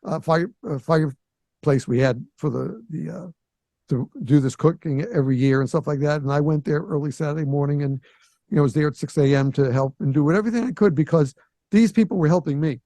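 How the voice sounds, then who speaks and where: A man in his sixties hosting a podcast, telling a story in a lively way and acting out the voices of the people in it. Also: on the high side, brisk, no echo. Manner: animated storyteller who acts out quoted voices. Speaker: podcast host. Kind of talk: casual storytelling.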